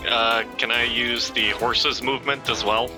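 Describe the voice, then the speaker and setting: A man's voice: mid-range voice, level tone, a little slow, over music. A man playing a tabletop game, thinking aloud about his moves. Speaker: player. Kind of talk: casual play at a tabletop game.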